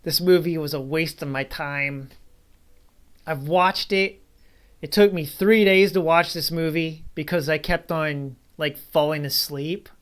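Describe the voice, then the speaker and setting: A man's voice: on the high side, a little slow, fairly bright tone, smooth. A man talks through a film review in a loose, unscripted way. He is blunt and dismissive, and he keeps drifting into asides before circling back. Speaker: movie reviewer. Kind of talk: casual spoken film review.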